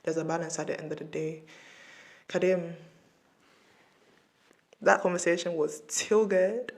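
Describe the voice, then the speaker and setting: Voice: medium pitch, fairly even intonation, measured pace, vocal fry. A podcast host with a mid-range voice chats casually with a guest. The host is playful and effusive and closes out the episode on an upbeat note.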